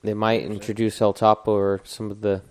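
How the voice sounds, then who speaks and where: A man's voice: lowish voice, flat delivery, normal speed, darkish tone. Chill young guy on a podcast, giggles a lot, kinda trails off. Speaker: podcast co-host. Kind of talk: casual chat.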